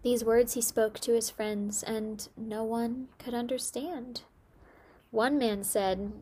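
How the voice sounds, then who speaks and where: Breathy woman reading a children's story. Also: fairly high pitch, steady tone, takes it slowly, warm tone.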